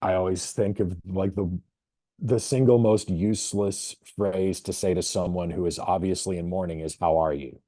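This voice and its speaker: A man, a veterinarian, presenting a professional webinar in a thoughtful storytelling manner with measured pauses. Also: deep voice, fairly even intonation, warm tone, no room sound, studio quality.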